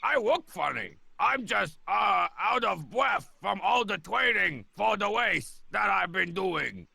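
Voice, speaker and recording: An actor playing a boastful, scheming cartoon tough guy in a video game, with a gravelly, theatrical voice. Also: sits high, big pitch swings, slow pace, pushed and bright, no room sound, full character voice. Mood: gleeful.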